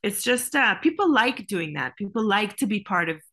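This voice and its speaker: A woman's voice: medium pitch, sing-song, normal speed, fairly bright tone. A woman being interviewed as a podcast guest, speaking earnestly in casual talk with lots of "you know.". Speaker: podcast guest, product executive.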